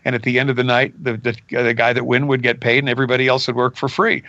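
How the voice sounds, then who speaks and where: An older voice actor chats through his stories, bouncing between his own voice and quick character bits. The sound is a little dull and dry, as from a remote recording. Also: medium pitch, no room sound. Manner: animated, jumps into character voices mid-story. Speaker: voice actor guest. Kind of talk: casual interview storytelling.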